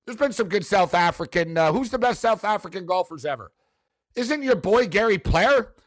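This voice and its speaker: A man's voice: sits high, expressive, normal speed, no room sound, studio quality. A man hosting a casual sports betting show, loose and laughing, with lots of fillers. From North America. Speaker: host.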